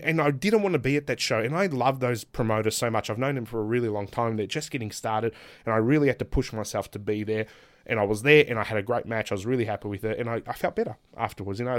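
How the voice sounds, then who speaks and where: An Australian pro wrestler in his thirties, guesting on a casual podcast, tells candid, animated stories, often swearing and laughing. His voice is medium-pitched and his pace quick, and the recording is dry.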